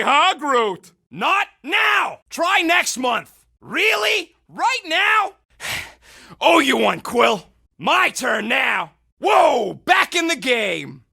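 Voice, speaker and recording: An actor playing a gruff, wisecracking male raccoon gunner in a video game, yelling brash, sarcastic combat callouts. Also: very high-pitched, heavily acted.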